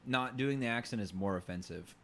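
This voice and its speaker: A man's voice: mid-range voice, a little fast, fairly bright tone, slight background noise. A man co-hosting a podcast in casual chat, joking and laughing often, with many fillers. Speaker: podcast co-host.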